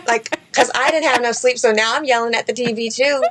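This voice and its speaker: A woman in her thirties, a podcast co-host talking in casual chat, blunt and profane, with bursts of loud laughter. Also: fairly high pitch, fairly even intonation, quick pace, crowd noise.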